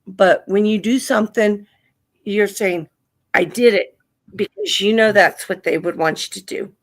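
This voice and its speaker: On her live stream, a woman of medium pitch and measured pace consoles a grieving caller with tender earnestness. She addresses her as honey and sweetheart, in a conversation marked by widowhood and grief.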